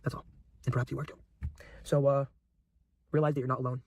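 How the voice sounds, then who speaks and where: Fast-talking intense young man preaching. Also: medium pitch, level tone, darkish tone, a little hiss or hum. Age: young adult. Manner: intense, preachy, repeats phrases for emphasis. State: emotional. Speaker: YouTuber. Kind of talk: emotional motivational monologue.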